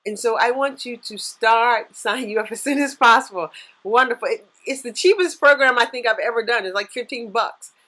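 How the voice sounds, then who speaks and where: A woman in her thirties, a life coach giving an earnest, faith-based motivational talk on a live stream, with excited bursts. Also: a little high, fairly quick, low-quality recording.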